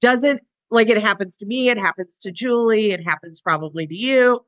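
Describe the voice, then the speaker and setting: A woman's voice: medium pitch, moderate pace, fairly bright tone, no room sound. A woman co-hosting a podcast, telling a dog training story casually. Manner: anecdotal storytelling with laughs. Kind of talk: casual conversational interview.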